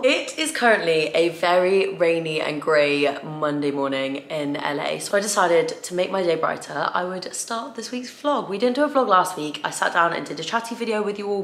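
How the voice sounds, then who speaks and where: Chatty young woman, slightly raspy. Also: on the low side. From England. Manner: chatty, filler-heavy, emotional and choked up at times. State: tired. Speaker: fitness vlogger. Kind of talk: casual chatty vlog. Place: home room, indoors. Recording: echoey room.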